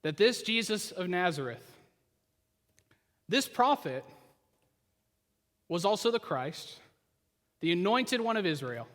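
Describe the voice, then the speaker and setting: A male pastor preaching a sermon, retelling the story as if the listener were there and dropping to quiet asides. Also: sits high, big pitch swings, takes it slowly, pauses often. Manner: storytelling, puts the listener into the scene. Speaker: senior pastor. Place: church sanctuary. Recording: reverberant church hall.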